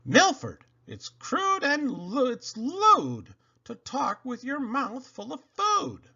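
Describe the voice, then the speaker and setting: A man's voice: extremely high pitch, wildly swooping pitch, slow pace, creaky, sharp tone, breathy edge, lo-fi sound, pitched above the performer's own voice, full character voice. A man voicing a scolding mother in a children's poem, shocked and reproachful.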